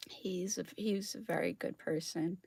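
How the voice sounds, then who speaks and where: A woman's voice: lowish voice, steady tone, moderate pace, vocal fry, a little mellow, husky, no room sound. A woman hosting an astrology show in a casual monologue, chatty, laughing often and keeping her listeners with her by asking "okay?". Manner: chatty, keeps checking in with "okay?"; laughs often while talking.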